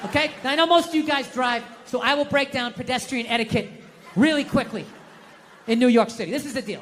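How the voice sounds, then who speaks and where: A man's voice: extremely high pitch, fairly bright tone, slight background noise. A man doing a profane, exasperated stand-up comedy rant on a theater stage. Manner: ranting, profane, exasperated storytelling. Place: theater stage before a live audience. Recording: long hall reverb, faint ambience.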